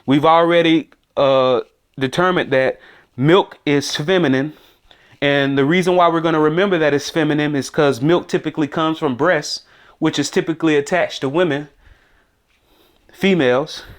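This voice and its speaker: A man's voice: on the high side, steady tone, moderate pace. A man teaching beginner Spanish words on a podcast, thinking aloud and repeating words for listeners to echo. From United States. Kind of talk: casual spoken lesson.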